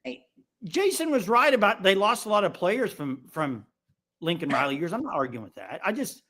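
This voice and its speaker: A man's voice: high voice, very animated, moderate pace, a bit bright. A man co-hosting a live sports podcast, talking in a blunt, firm way and cutting in over his partner. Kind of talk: casual live-stream sports talk.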